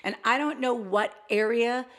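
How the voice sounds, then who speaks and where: An older woman co-hosting a Christian talk show, sharing a personal testimony as an animated storyteller who acts out the dialogue she quotes. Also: fairly high pitch, unhurried.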